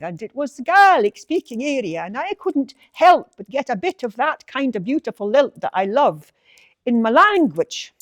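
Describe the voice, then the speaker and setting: With no room sound, a slightly high, sing-song female voice at a moderate pace recites a Doric poem, then shares family memories. She is an older storyteller from Ballater in North-East Scotland, lilting and chatty, laughing a lot and restarting sentences.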